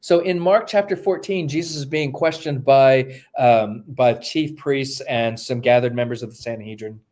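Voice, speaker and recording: A male New Testament scholar, appearing as a podcast guest, lectures through texts step by step at a moderate pace in a mid-range, darkish voice. He thinks aloud, with many fillers and restarts.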